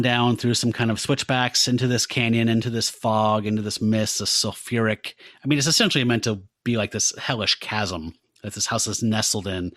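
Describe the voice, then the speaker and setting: A man recaps a horror comic in casual podcast talk, playful and easygoing. His voice sits at a middle pitch, and the recording is dry and close. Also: a bit bright, no echo. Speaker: podcast co-host. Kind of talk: casual comic book discussion.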